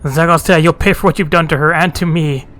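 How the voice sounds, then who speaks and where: A man's voice: on the high side, steady tone, brisk, fairly bright tone, soft background music, close to an everyday voice. A man voicing a fierce, proud female huntress bent on vengeance, speaking in curt commands.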